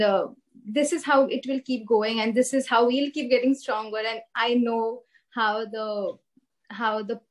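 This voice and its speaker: A young woman with an Indian English accent, interviewing a guest and thanking her in a slightly halting way. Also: fairly high pitch, low-quality recording. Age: young adult. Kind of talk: interview talk.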